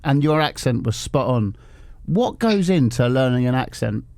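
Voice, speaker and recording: A man's voice: medium pitch, expressive, normal speed, a little mellow. A man joins a podcast chat as co-host. He is enthusiastic and laughs easily as he talks. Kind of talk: casual chat.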